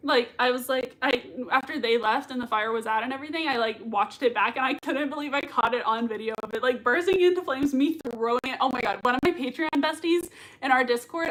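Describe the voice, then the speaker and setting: A young woman hosting a livestream, reading viewer comments aloud and gushing about a TV show in a casual, excitable way full of "like" and "oh my God". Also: high voice, low-quality recording. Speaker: livestream host reacting to a TV show.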